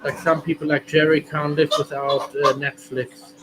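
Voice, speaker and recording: A man chatting as a guest on a livestream, halting and repeating his words. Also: fairly high pitch, flat delivery. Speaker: regular guest. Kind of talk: casual livestream chat. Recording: noisy stream audio.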